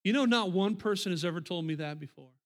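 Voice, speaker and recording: A man's voice: high-pitched, fast. A middle-aged man preaching a sermon to his congregation, talking conversationally and repeating phrases for emphasis. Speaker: pastor. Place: church sanctuary.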